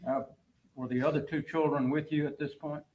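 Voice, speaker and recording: A man working as an attorney, asking a witness short, measured questions in court. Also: fairly high pitch, level tone, a little mellow, rough recording.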